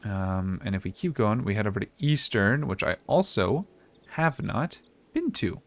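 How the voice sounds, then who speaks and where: A man giving casual, relaxed gameplay commentary as a streamer, chatting and thinking aloud. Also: lowish voice, normal speed.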